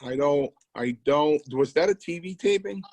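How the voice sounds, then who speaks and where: A man's voice: a little high, moderate pace, darkish tone, no room sound, poor audio. A middle-aged man co-hosting a podcast, telling rambling stories and acting out the lines of the people in them. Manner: rambling anecdotes with acted-out quotes. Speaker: podcast co-host, former wrestler. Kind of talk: casual storytelling chat.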